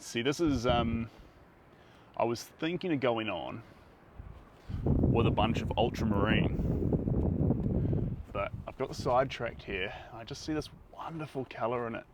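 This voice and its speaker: A man's voice: mid-range voice, unhurried, long pauses. A man with a New Zealand accent chatting casually to his viewers as he paints, rambling from one thought to the next. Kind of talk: live painting stream chat. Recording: outdoor noise with passing traffic. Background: outdoor ambience and vehicles.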